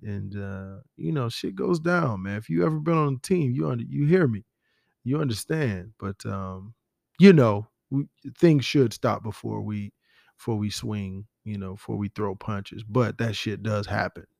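A man's voice: mid-range voice, expressive, measured pace, vocal fry, a little mellow, dry recording, clean studio sound. A man hosting a podcast, talking in a rambling, profane, conversational way. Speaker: podcast host. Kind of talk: casual solo commentary.

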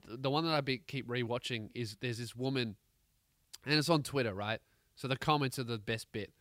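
A man with an Australian accent, a comedian hosting a podcast, telling a profane, rambling story with animated energy. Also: mid-range voice, dry recording, clean studio sound. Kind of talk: comedic rant.

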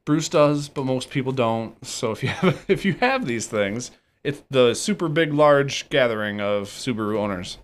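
Male co-host, average pitch, playful banter, shared mic. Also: animated, moderate pace. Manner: playful, joking. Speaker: podcast co-host. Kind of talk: casual chat. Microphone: one mic shared among hosts.

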